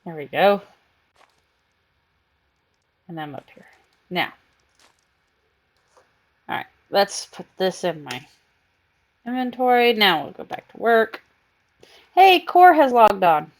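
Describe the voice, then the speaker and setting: A woman's voice: medium pitch, sing-song, slow, pauses often. A woman streaming a game live, chatting casually and cooing baby talk to her cat between comments on the game.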